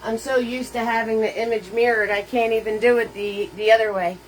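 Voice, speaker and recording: A woman's voice: a little high, fairly even intonation, fairly quick, a little hiss or hum, rough recording. A woman hosting a live painting lesson. She chats cheerfully with viewers, greets each one by name with pet names, and laughs often between steps. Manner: playful made-up words.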